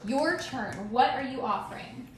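A woman's voice: sits high, lively intonation, a little slow. A woman hosting a casual vlog, chatting playfully and teasing her friend. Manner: teasing, giggly, bursts of mock paparazzi shouting. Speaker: vlog host. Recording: echoey room, far from mic, noisy.

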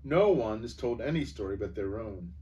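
A man voicing a great, wise, gentle male lion who speaks solemnly and in a measured way, in a storybook read-aloud. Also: fairly low pitch, animated, close to an everyday voice.

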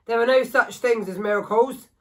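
Female reader voicing a loud barking grumpy old woodcarver, gruff and dismissive. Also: on the high side, normal speed, voice pushed up, natural voice.

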